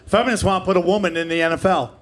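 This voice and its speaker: A man in his forties performs stand-up, brash and profane, with a high-pitched voice. He slips into quick character voices as he tells his stories, and a light hum of room noise sits behind him. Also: fairly even intonation. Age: 40s. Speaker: stand-up comedian. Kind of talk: stand-up comedy set. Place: comedy club stage before a live audience.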